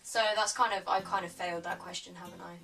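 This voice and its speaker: A young English woman rambles cheerfully through a vlog, leaning on "like" and "um" and laughing off her own answers. She sits a little back from the microphone, so her voice sounds slightly distant, and music plays clearly under her talk. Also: on the low side, fairly even intonation, fast talker, bright, forceful tone. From England. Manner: chatty, lots of "like" and "um", self-deprecating. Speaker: beauty vlogger. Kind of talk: casual chat to camera.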